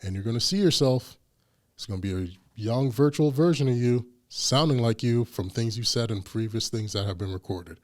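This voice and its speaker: A man at a medium pitch tells a long story in casual chat. He talks in an animated way and acts out each voice he quotes, then steps back to drive his point home. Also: normal speed. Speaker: podcast host.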